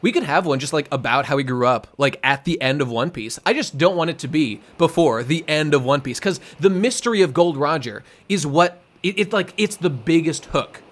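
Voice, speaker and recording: A young man with a slightly raised pitch chats on a podcast. He rambles, trips over his words and gets excited, swearing freely as he goes. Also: brisk, few pauses. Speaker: podcast co-host. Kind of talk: casual chat.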